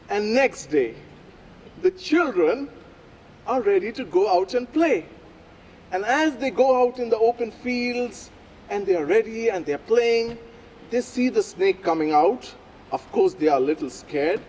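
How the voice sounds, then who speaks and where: A man telling a folk story aloud at a live event, with slow, deliberate phrasing and dramatic pauses. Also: sits high, a little mellow, a little hiss or hum, low-quality recording. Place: outdoor public plaza.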